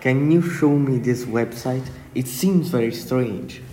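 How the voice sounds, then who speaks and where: A man's voice: medium pitch, slow pace, mellow, slight background noise, lightly acted. A man playing a young prankster in an amateur class radio play, reading his lines plainly and earnestly. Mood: skeptical. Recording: long reverb.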